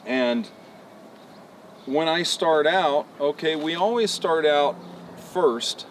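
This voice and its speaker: Man, horse trainer, relaxed and folksy, slightly high voice, picked up from a distance outdoors with faint background hum. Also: slow pace. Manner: folksy, relaxed, lots of "you know" fillers. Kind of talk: casual explanation on a walk-around. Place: outdoor ranch pen.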